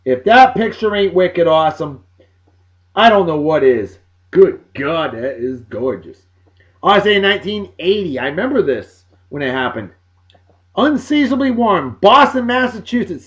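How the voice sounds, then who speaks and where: A man's voice: sits high, big pitch swings, normal speed, lo-fi sound. A man hosting a casual video blog, brash and joking, with a loose, crude way of talking. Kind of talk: casual chat over music.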